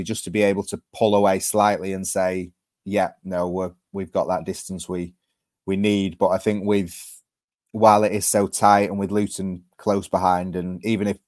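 A man talks football as a podcast guest. His voice sits a little low and he speaks in halting bursts, restarting phrases and filling gaps with ums. The sound is dry and close, with no room around it. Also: level tone, darkish tone, dry recording. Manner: hesitant, many restarts and ums. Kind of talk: casual podcast chat.

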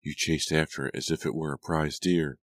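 Man with a very low voice doing a sly teasing teen girl, audiobook, dry. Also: fairly even intonation, moderate pace, no echo.

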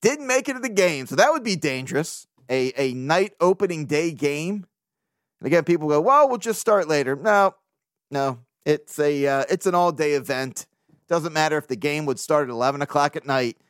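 A man with a fairly high voice hosts a casual solo sports podcast. He talks loosely and jokes around, with easy swearing and frequent laughs. The sound is close and dry. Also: expressive, moderate pace, dry recording. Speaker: podcast host.

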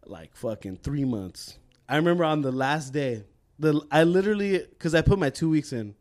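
A young man casually telling a profane, animated work story on a podcast, laughing as he goes. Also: on the high side, moderate pace. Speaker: podcast co-host.

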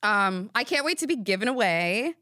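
A woman's voice: mid-range voice, lively intonation, moderate pace, bright, forceful tone, no room sound. A young woman hosting a podcast in a studio, chatting casually in a rambling, giggly, self-deprecating way. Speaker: podcast host. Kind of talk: casual chat.

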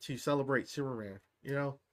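Man, mid pitch, laid-back podcast co-host, easygoing, short agreeing replies. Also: a little fast. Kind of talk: casual chat, reading viewer comments.

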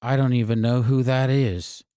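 A boozy, brooding country singer, played by a man, mumbling in a soft, low drawl. He hesitates and trails off, with a dry, close sound. His pitch sits at an ordinary middle height. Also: fairly even intonation, normal speed, clear, resonant tone, no room sound, close to an everyday voice. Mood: earnest. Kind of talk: improvised comedy scene.

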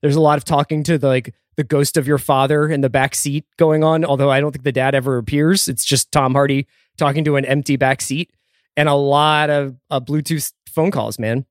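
A man's voice: mid-range voice, fairly quick, dry recording, studio quality. A man from Philadelphia chatting as a podcast guest, joking and acting out little scenes. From Philadelphia, USA. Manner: jokey, animated storytelling. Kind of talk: casual film-review chat.

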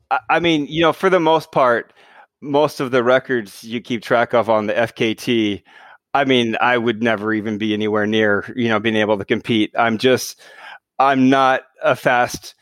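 A middle-aged man, a mountain speed record holder, talks casually as an interview guest, hesitating with many fillers and restarts. His medium-pitched voice is a bit bright, with fairly even intonation and normal speed, in a dry recording.

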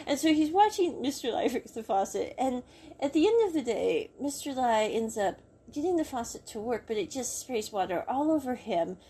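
A woman's voice: fairly high pitch, darkish tone, a little hiss or hum. A woman giving a chatty, rambling casual recap of a drama's plot and laughing at the story.

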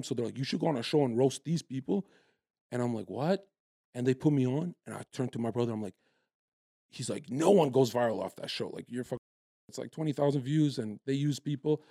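Man, twenties, from Canada, gravelly fry, mellow tone, brash and profane, podcast guest. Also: medium pitch, no room sound, clean studio sound. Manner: brash, profane, animated storytelling. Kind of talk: casual podcast chat.

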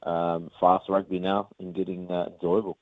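Deep-voiced Kiwi man on a phone line. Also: moderate pace, dry recording. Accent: New Zealand. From New Zealand. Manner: relaxed, many fillers, says mate often. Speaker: professional rugby player. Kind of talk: casual interview. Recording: tinny phone line, dry.

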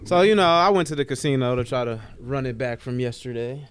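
A man co-hosting a podcast, telling a story casually and animatedly, putting on high voices to mimic others. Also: expressive, fairly quick, smooth. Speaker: podcast co-host.

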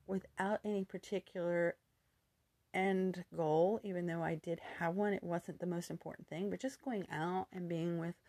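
Woman, 50s, youthful-sounding, gravelly fry, rambling candid storytelling. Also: fairly low pitch, a little mellow, no room sound. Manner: candid, rambling, many fillers and restarts. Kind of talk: personal storytelling to camera.

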